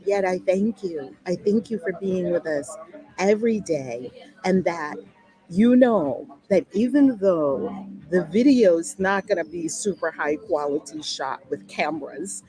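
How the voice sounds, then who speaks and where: A woman acting as a spiritual teacher leads a daily lesson live, speaking a little slowly in an expressive, dark-toned voice on the low side. Her talk and prayer reading are heartfelt and chatty, captured poorly through a laptop's built-in mic.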